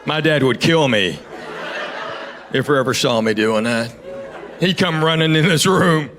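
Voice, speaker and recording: A man's voice: fairly high pitch, animated, a little slow. A middle-aged man performing a stand-up comedy routine, telling stories in a drawling, conversational way with asides to the crowd. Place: comedy club stage with a live audience. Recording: live club recording with audience noise.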